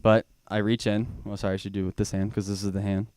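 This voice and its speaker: In a small comedy bar, a young man performs stand-up, rambling through a self-mocking story and occasionally bursting into loud, high-pitched shouts. He talks fast with a flat delivery, and there's no echo.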